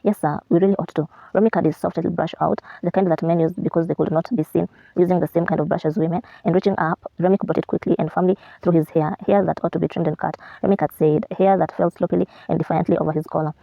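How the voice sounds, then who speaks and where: A woman vlogger reading a novel aloud, steady with small slips and restarts. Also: fairly low pitch, fast talker, gravelly, hardly any pauses, dry recording, lo-fi sound.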